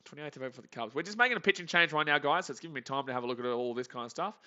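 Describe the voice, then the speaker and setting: Aussie streamer, high sharp voice, dull lo-fi audio, chats and yells at plays. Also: male voice, rapid-fire. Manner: chatty, reads chat, bursts into excited shouts. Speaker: live stream host. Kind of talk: live game reaction stream.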